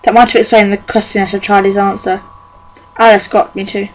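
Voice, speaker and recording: A woman's voice: medium pitch, little pitch movement, fairly quick, slight background noise, rough recording. Young woman, amateur audiobook narrator, bedroom recording, earnest, occasional restarts. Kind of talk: fan audiobook reading. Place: bedroom at home.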